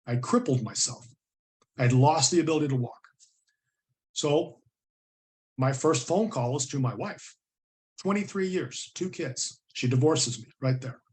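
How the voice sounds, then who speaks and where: A middle-aged American man, a guest on an interview show, telling his story earnestly and vividly, acting out the voices of people he quotes. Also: mid-range voice. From United States.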